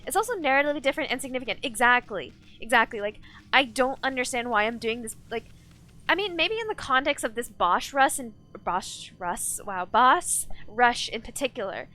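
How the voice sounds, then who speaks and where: Bright-voiced woman streamer rambling casually. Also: on the high side, lively intonation, a little fast, faint music behind. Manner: rambling, many fillers and self-corrections. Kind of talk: casual live-stream chat while gaming.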